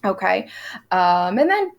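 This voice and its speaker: A woman's voice: mid-range voice, big pitch swings, vocal fry. A woman teacher talking through a play in a conversational lesson, tossing questions to students and reading quoted lines aloud. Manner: conversational, with quick asides and quizzing questions. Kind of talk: recorded classroom lesson walking through a play.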